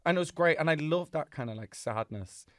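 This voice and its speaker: A man's voice: fairly high pitch, expressive, a little fast, dry recording. A man co-hosting a comedy podcast, telling a rambling story in casual chat. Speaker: podcast co-host.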